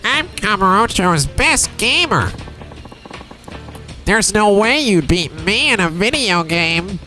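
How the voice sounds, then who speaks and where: A man's voice: high voice, very animated, slow, sharp tone, soft background music, voice pushed up, full character voice. A man voicing a smug young male gamer villain in a pinched, nasal voice, mocking and self-satisfied, dubbing over a game scene.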